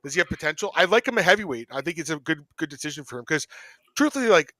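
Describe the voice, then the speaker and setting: A man's voice: fairly high pitch, animated, racing, sharp tone, dry recording. A man hosting a podcast, chatting casually about fight picks with lots of laughter and rambling banter. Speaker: podcast host. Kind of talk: casual sports betting chat.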